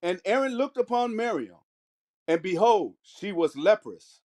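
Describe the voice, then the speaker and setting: A man reading scripture aloud in a measured way, slowing on key phrases. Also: high voice, big pitch swings, a little mellow. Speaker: scripture reader.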